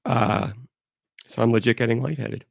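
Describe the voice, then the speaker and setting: Male podcast host, gravelly and stuffed-up, rambling candid solo talk, dry close sound. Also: mid-range voice, steady tone, moderate pace, no room sound. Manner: rambling, candid, talks through it. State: congested.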